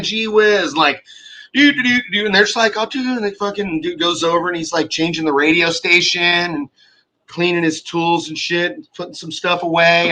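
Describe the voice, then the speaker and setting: A man's voice: on the high side, pushed and bright. A man in his forties telling a long workshop story in casual, profane chat, acting out the people he quotes.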